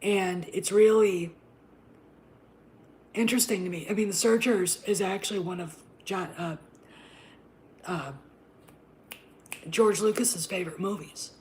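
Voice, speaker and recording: A woman host delivers an unscripted, profane rant at a mid pitch. She repeats herself for emphasis. She swings between a breathy unvoiced whisper and sudden loud bursts. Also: unhurried, pauses often, a little hiss or hum. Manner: drops to an unvoiced whisper and back. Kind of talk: ranting casual commentary.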